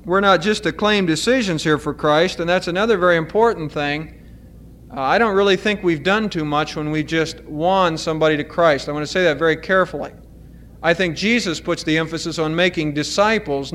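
Male pastor, higher-pitched voice, earnest and deliberate sermon delivery, teaching from scripture. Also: a bit bright. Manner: earnest, explanatory preaching with deliberate emphasis.

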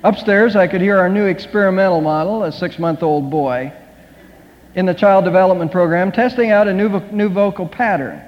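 A man preaching a sermon as the pastor, praying earnestly and telling a story, often halting and restarting his words. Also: high-pitched. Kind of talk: sermon with prayer. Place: church sanctuary. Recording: dull sound in a reverberant hall.

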